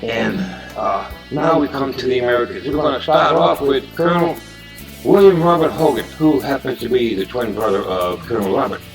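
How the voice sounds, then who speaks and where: A man casually pitching a movie idea in a meandering monologue, with restarts and uneven loudness. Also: brisk, vocal fry, recorded from a distance, music in the background, poor audio.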